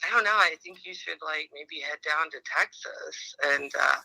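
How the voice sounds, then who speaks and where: Bright-voiced Valley girl-style woman calling in. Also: sits low, moderate pace, vocal fry, dry recording, poor audio. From Indiana. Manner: self-described Valley girl speech, many ums and likes. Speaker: caller. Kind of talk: casual phone-in chat. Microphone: phone.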